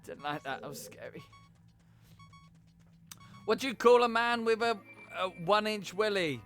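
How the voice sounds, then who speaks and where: A man chatting casually while he plays on a live stream, swearing freely and cracking quick jokes. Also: high-pitched, animated, fairly bright tone, soft background music.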